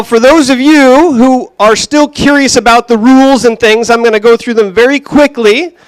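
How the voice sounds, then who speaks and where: A man's voice: very high-pitched, a bit bright, no room sound, low-quality recording. A man hosting a live kickoff event as its director, joking with the crowd and walking through the rules. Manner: upbeat, joking crowd work. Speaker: event host and center director. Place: event room with an audience.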